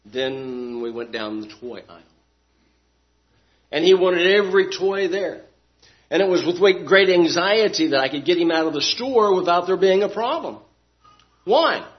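A man with a somewhat high voice preaches a sermon, driving his points home with rhetorical questions. He swings from loud, emphatic lines to quiet, low ones, and the recording sounds dull and lo-fi.

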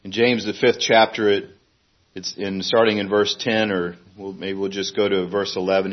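A middle-aged man preaching a sermon in a plain, earnest way, now and then acting out a fussing parent in a sudden high voice. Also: moderate pace, dull audio.

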